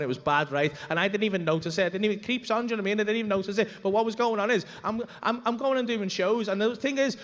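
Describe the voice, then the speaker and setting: Bloke doing stand-up, high-ish voice, swears a lot, handheld mic on stage. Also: male voice, in a large hall. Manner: brash, sweary and animated. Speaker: stand-up comedian. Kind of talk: stand-up comedy. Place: comedy club stage.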